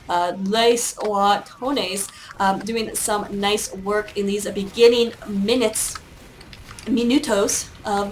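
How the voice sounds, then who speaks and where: Medium-pitched and a bit bright, this woman's voice comes with a little hiss or hum. She provides solo play-by-play for an online match, joking at her own expense in a chatty style riddled with hesitations and fillers.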